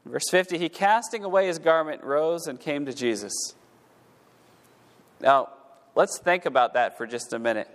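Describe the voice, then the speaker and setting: A male pastor preaching in a church, his voice at an ordinary middle pitch. He reads old scripture wording aloud and then breaks it down, stumbling over repeated words as his fervor builds. The room has a long, echoing reverb. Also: animated, normal speed, long pauses, fairly bright tone. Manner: repeats words while rising to fervent emphasis. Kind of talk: sermon. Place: church sanctuary. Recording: echoey hall.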